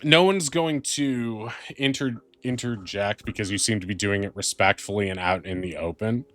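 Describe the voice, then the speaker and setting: A man's voice: on the low side, moderate pace, fairly bright tone, no room sound. A man narrating as game master, rambling and thoughtful with many fillers.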